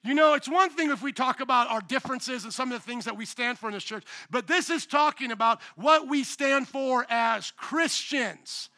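A man preaching a sermon in a high, very bright and forceful voice. He talks emphatically and conversationally and keeps throwing questions at the congregation. The sound is dry and close. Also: moderate pace, few pauses, no room sound. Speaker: pastor.

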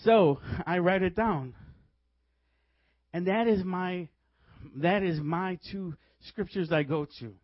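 A man from Chicago, a guest preacher, tells his testimony in a sermon with animated storytelling and frequent laughs. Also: high voice, slow pace, no echo. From Chicago, USA. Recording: dull dry recording.

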